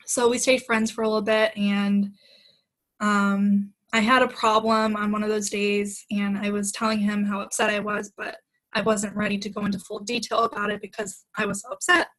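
A woman's voice: mid-range voice, level tone, normal speed, fairly bright tone, low-quality recording. A young woman, a podcast guest, retelling a bad date in casual chat, acting out quoted lines and laughing often.

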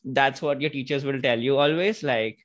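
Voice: medium pitch, normal speed. Podcast host from India. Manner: frequent short backchannels. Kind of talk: casual interview chat.

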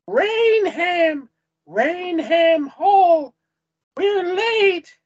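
A man voicing an angry English ghost countess with a squeaky voice, while reading a gamebook aloud. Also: animated, unhurried. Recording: dull lo-fi mic.

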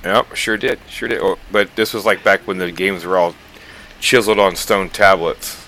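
A man's voice: low voice, fairly even intonation, normal speed, bright, forceful tone, a little hiss or hum, low-quality recording. A man co-hosting a podcast, chatting casually with dry joking asides. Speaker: podcast co-host. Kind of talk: casual chat.

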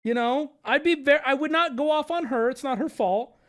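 A man's voice: very high-pitched, moderate pace, fairly bright tone. A young man streaming, reacting in casual, blunt, profane chat and laughing often.

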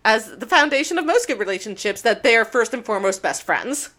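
A woman in casual chat recapping an anime with friends, animated and swearing freely, often restarting her sentences. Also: a little high, brisk. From New York area.

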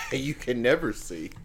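A man's voice: gravelly, very noisy. A man co-hosting a casual comedy podcast, joking and laughing often as he chats. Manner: joking, laughs often, lively swings in pitch. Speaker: podcast co-host.

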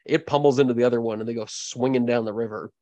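A man's voice: mid-range voice, fairly even intonation, quick pace, darkish tone, no echo. A man narrating as game master of a tabletop game, casual and rambling with fillers. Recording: dull dry lo-fi mic.

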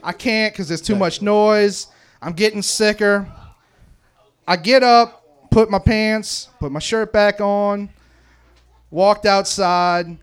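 A man's voice: high voice, fairly even intonation, slow, long pauses, clean tone. A middle-aged man telling a rambling, profane story on a live podcast in a sports bar, often correcting himself. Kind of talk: casual storytelling in front of a live audience.

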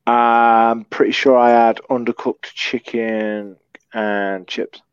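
A man's voice: mid-range voice, level tone, slow, smooth, no room sound. A man co-hosting a podcast over a phone video call, laid-back and self-mocking, swearing now and then. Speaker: podcast co-host. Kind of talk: casual chat. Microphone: phone camera on a video call. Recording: dull, dry video call audio.

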